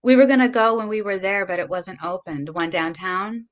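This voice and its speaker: A woman hosting a casual chat, relaxed and answering in brief replies. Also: mid-range voice, a little fast. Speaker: host.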